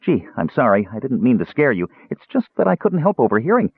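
A man voicing a cheerful, chattering small male kender who talks in eager, hurried bursts, heard over a tinny phone-like line. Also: medium pitch, gravelly, husky, no echo, pitched above the performer's own voice, heavily acted. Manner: excited prattling, eager and hurried.

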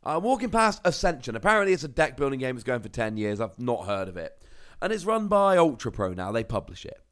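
A man's voice: medium pitch, big pitch swings, a little fast, a bit bright. A young man from Cornwall with a British accent, hosting a casual solo podcast and telling rambling stories full of asides. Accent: British English. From Cornwall, England. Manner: chatty, rambling storyteller with asides. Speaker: podcast host.

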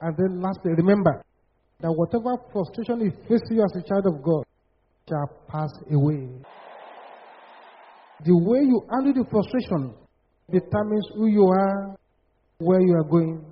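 A man delivering a sermon with a husky, high-pitched voice. He preaches in a declamatory way and builds into loud, repetitive prophetic chants. The recording sounds dull and lo-fi. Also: moderate pace, pauses often.

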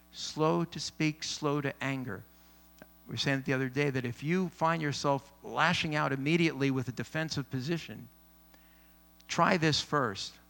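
A man preaching a sermon in an earnest, measured way, with emphatic pauses. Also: mid-range voice, creaky, fairly bright tone.

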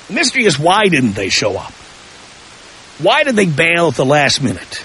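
A man with a high, bright voice hosts a call-in radio talk show. He swings his pitch widely as he drives home provocative, pointed questions with heavy emphasis. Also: wildly swooping pitch, moderate pace, a little hiss or hum, low-quality recording.

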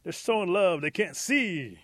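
Sly storybook rabbit, smooth and persuasive, a born trickster; a male storyteller plays him. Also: sits high, expressive, measured pace, a bit bright, no echo, voice pushed up, heavily acted. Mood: scheming.

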